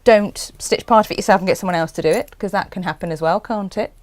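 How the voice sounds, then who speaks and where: A woman's voice: mid-range voice, fast, dry recording. Chatty woman sewing teacher, dry sound. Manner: bright, chatty, reassuring. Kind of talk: live sewing show chat.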